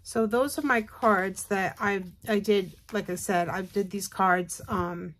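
A woman hosts a craft video in a relaxed, rambling way, full of fillers and little restarts. She sounds tired and keeps yawning as she chats to her viewers. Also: mid-range voice, unhurried. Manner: chatty, rambling, with many fillers. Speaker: craft channel host. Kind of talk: casual show-and-tell chat.

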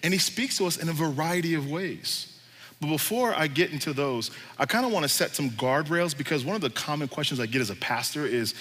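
A man's voice: a little high, lively intonation, a little fast, a bit bright. A man pastor preaching a sermon in a casual, joking way with slang. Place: church hall. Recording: reverberant church hall.

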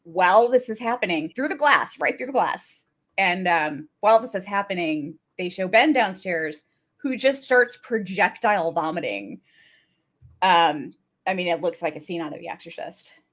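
A woman's voice: on the low side, normal speed. A woman co-hosting a podcast, recapping a TV episode in casual chat, acting out quotes and laughing often. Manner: animated storytelling, acts out quotes, laughs often. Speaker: podcast co-host.

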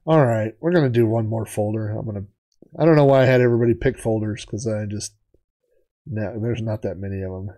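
A man's voice: lowish voice, a little fast, dark tone. A man hosting a retro gaming vlog, telling stories in a rambling, digressive, chatty way. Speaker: retro gaming channel host. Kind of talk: casual storytelling vlog.

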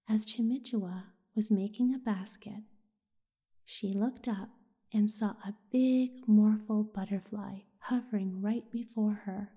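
A woman with a breathy, half-whispered voice, softly narrating a soothing bedtime story. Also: mid-range voice. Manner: soft, half-whispered delivery.

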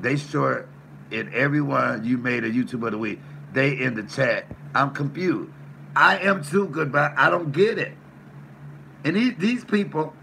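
A man's voice: medium pitch, vocal fry, bright, forceful tone, a little hiss or hum. A man hosting his own livestream, cursing and confronting his chat with emphatic, repeated lines, then answering commenters. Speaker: YouTube livestream host. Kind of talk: heated livestream rant reading chat.

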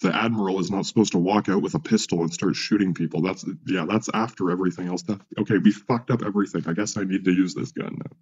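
A man's voice: low-pitched, steady tone, quick pace, hardly any pauses, darkish tone, breathy edge, highs cut off. A man ranting in a rambling, profane monologue, full of restarts and asides, as a vlogger.

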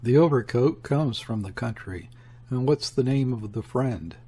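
Husky guy reading a curt sharp-eyed police inspector, probing, slightly rough voice. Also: medium pitch, unhurried. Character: shrewd middle-aged male police inspector.

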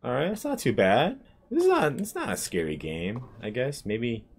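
A man's voice: mid-range voice, huge pitch swings, moderate pace, breathy edge. A man giving casual, swearing commentary while playing a horror game and chatting with a viewer. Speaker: gamer streaming a horror game.

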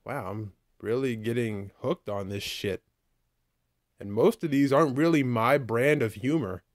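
Slow deadpan man. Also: mid-range voice, no room sound, studio quality. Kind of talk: comedy puppet sketch.

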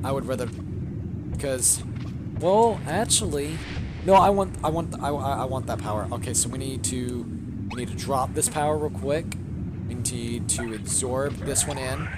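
A young man giving live, profane commentary while playing a video game, often shouting in excitement. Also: medium pitch, moderate pace, background noise. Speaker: gaming streamer.

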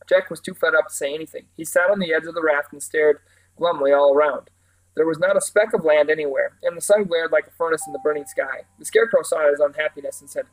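A man's voice: on the high side, quick pace, poor audio. Man reading a children's book aloud. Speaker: storyteller.

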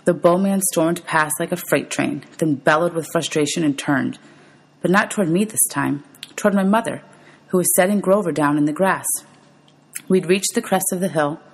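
A woman teacher reads a novel aloud to her class. Her voice is low and husky, with a gravelly fry at the ends of phrases. She tells the story steadily and calls out page numbers. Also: normal speed, rough recording. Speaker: teacher reading to her students.

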